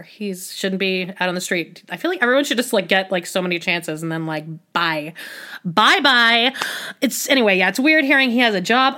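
Chatty woman doing a solo podcast recap, mid-pitched voice, rambly, says like a lot, dry little asides. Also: pushed and bright. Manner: rambling, heavy on filler words and restarts, wry asides. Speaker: podcast host recapping a reality show.

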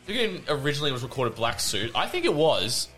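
A man co-hosting a casual podcast about a film, excitable, swearing and laughing often. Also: mid-range voice, fast talker, soft background music. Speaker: podcast co-host. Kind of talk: casual film-review chat.

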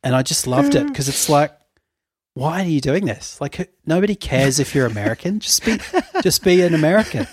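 A man's voice: fairly high pitch, very animated, fairly quick, slightly rough, no room sound. A man co-hosting a podcast, telling a story in casual chat, full of fillers and laughter. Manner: chatty storytelling, laughs often, many fillers. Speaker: podcast co-host.

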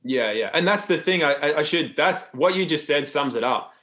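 A man's voice: on the high side, lively intonation, moderate pace, fairly bright tone. A man talking as a podcast guest, loose and rambling, with frequent restarts and asides. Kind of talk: casual interview talk.

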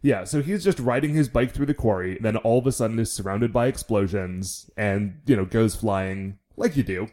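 A man's voice: on the low side, moderate pace, hardly any pauses, warm tone. A man co-hosting a podcast, recapping a TV episode in an easygoing, wry casual chat. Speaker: podcast co-host.

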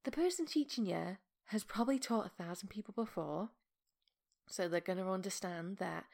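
A woman in her thirties hosts her podcast in a casual solo monologue. Her voice sits low and carries a gravelly fry. She talks softly, often drifting into a half-whisper, and pokes gentle fun at herself. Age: 30s. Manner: soft, often half-whispered, self-mocking. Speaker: podcast host.

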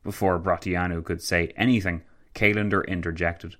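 Low-voiced male story narrator. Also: fairly even intonation, fairly bright tone. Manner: measured storytelling. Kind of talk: scripted narration.

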